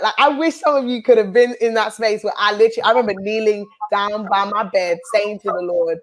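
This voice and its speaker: A woman's voice: medium pitch, fairly even intonation, brisk, hardly any pauses, low-quality recording. Earnest woman host giving testimony. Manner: earnest, preaching cadence. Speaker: host and minister. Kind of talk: heartfelt personal testimony.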